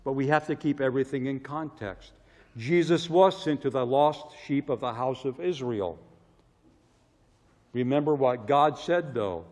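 A man preaching a sermon, swinging from loud pleading cries to hushed, quiet asides. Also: medium pitch, a little slow. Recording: long hall reverb.

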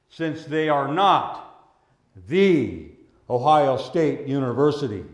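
A man preaching a sermon as pastor. He speaks in a measured way and draws out the words he wants to stress. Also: mid-range voice, lively intonation, vocal fry. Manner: measured, with drawn-out emphasis on key words. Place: church sanctuary. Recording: echoey church room.

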